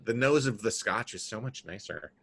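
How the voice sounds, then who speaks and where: A man co-hosting a casual whisky-tasting chat, relaxed and hesitant, full of fillers. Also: on the low side, moderate pace, breathy edge. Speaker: podcast co-host.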